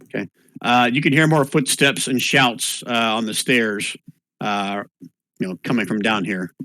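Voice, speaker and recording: A man's voice: lowish voice, no echo. Dry-voiced male game master. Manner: relaxed, halting with fillers. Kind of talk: narrating a tabletop game. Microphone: computer mic on an online call.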